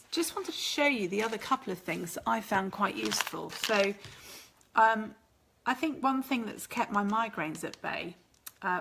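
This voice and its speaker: A woman's voice: medium pitch, vocal fry, pushed and bright, a little hiss or hum. A woman with a chatty, rambling manner, hosting a casual live stream and answering viewer comments. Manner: chatty and rambling, laughs often.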